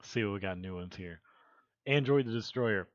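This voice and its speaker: A man's voice: on the low side, normal speed, no room sound, muffled recording. A man streaming from a basement, joking with his chat and trying out goofy British voices. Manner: jokey, tries out silly British voices. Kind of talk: casual live-stream chat with chat readings. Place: basement room. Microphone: headphones on, desk mic.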